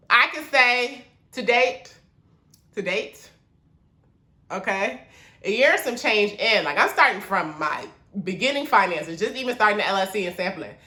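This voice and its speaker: A young woman talking casually to camera about starting her small business, chatty and animated, calling her viewers y'all. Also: mid-range voice, echoey room. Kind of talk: casual vlog talk to camera.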